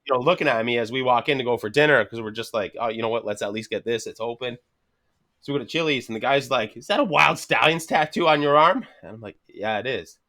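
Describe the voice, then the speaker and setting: A Canadian man in his thirties appears as a podcast guest, telling a story at a fast clip in a medium-pitched voice. It's casual chat, lively and profane throughout, with laughs dropped into sentences and quotes acted out.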